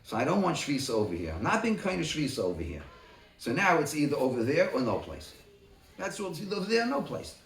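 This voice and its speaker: A man leading a Talmud study group who talks through a case by acting out both sides in quick exchanges. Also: a little high, very animated. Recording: roomy, from a distance.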